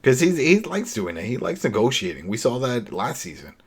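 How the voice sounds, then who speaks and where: A man's voice: medium pitch, very animated, a little fast, slightly rough. A man co-hosting a podcast, chatting casually and animatedly as he recaps scenes, laughing and tossing out rhetorical questions. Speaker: podcast co-host. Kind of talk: casual episode recap chat.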